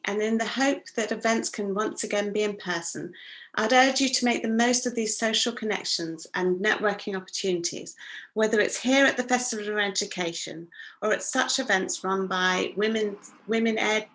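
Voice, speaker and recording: A woman's voice: mid-range voice, a bit bright. Earnest woman hosting an interview. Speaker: host and interviewer. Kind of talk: scripted introduction, then interview. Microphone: video call.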